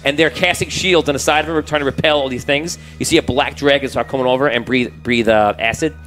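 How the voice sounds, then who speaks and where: A man's voice: medium pitch, fairly even intonation, fast, fairly bright tone, faint music behind, rough recording. A man narrating as game master of a tabletop game, setting scenes cinematically and rambling with restarts and fillers.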